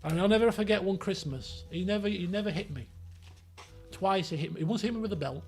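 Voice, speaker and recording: Animated man with a high, gravelly voice. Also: fairly quick, faint music behind. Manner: animated, rambling anecdotes with acted-out quotes. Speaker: streamer. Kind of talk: casual storytelling on a live stream.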